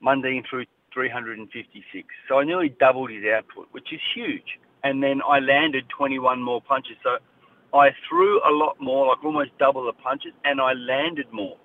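A man's voice: medium pitch, normal speed, slight background noise. Blunt, fired-up Australian man, a boxer guest on a tinny phone line. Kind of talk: radio phone interview.

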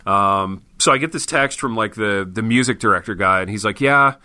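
A man's voice: lowish voice, brisk, sharp tone, dry recording. A man co-hosting a podcast, telling stories in loose, joking banter and calling everyone "dude.". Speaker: podcast co-host.

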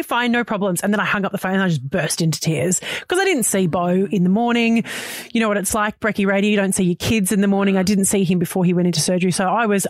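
A woman's voice: mid-range voice, no echo, clean studio sound. An Australian woman in her thirties co-hosting a breakfast radio show, telling a personal story in an open, emotional way. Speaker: radio co-host. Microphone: studio mic.

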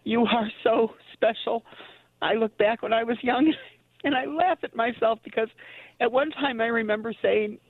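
A woman's voice: fairly high pitch, moderate pace, dry recording. A woman calling in to a radio show, effusive and emotional in her praise. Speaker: caller. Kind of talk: phone-in call. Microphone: telephone. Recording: dull phone line.

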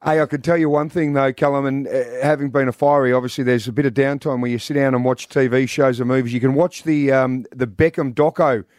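A man's voice: medium pitch, fairly even intonation, fairly quick, few pauses, a little mellow, no echo, studio quality. A man hosting a radio interview, calling his guest "mate". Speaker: radio host.

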